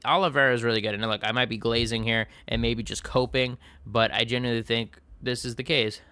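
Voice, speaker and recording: Male streamer, casual rambling fight talk, bright crisp voice, dry close sound. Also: mid-range voice, dry recording. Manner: rambling, frequent restarts and fillers. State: tired, yawning. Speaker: MMA commentator. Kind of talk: casual livestream chat.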